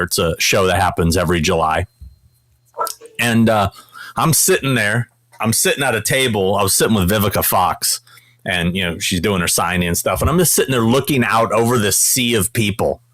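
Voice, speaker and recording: A man as an interview guest, telling casual anecdotes in an animated way and swearing freely. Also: lowish voice, dry recording, poor audio. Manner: animated, profane anecdote-teller. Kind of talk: casual storytelling in conversation.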